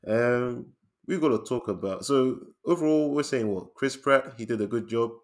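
A man talking films in a relaxed, chatty way, often breaking into laughs. His voice sits in an ordinary middle pitch. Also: normal speed. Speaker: podcast co-host. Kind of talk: casual chat.

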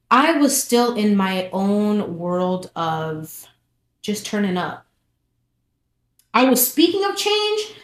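Young woman telling her story, echoey room. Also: medium pitch. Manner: animated storytelling, repeats phrases for emphasis. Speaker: vlogger sharing her testimony. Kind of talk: casual personal testimony.

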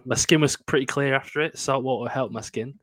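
A man's voice: mid-range voice, fairly quick, fairly bright tone. A young man with a Lancashire accent co-hosting a podcast, chatty and joking, often laughing. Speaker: podcast co-host. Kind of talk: casual chat.

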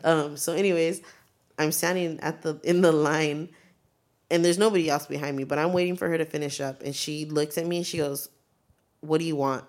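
A woman's voice: low voice, steady tone, fairly quick. A young adult woman co-hosting a podcast, telling a blunt, profane story in casual chat. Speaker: podcast co-host.

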